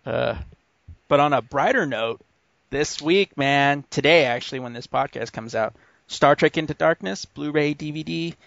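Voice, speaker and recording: Male podcast host, casual storyteller, profane and animated; dry, slightly dull home mic. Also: on the high side, moderate pace, creaky, no room sound. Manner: animated anecdote with acted-out quotes and profanity.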